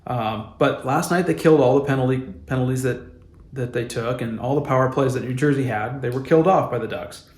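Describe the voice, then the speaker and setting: A man rants about his hockey team in a fired-up, exasperated way, as a fan who yells at the screen. His voice sits in a middle register. The sound is roomy and echoey. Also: mid-range voice, fairly quick. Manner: passionate, exasperated, fan ranting. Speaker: hockey vlogger. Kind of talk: opinionated sports commentary vlog.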